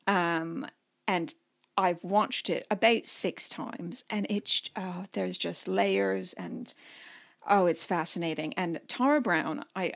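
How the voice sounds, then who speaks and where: A woman in her thirties from Canada co-hosting a podcast, telling a story in a chatty, animated way and often laughing. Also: on the low side. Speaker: podcast co-host. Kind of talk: casual storytelling chat.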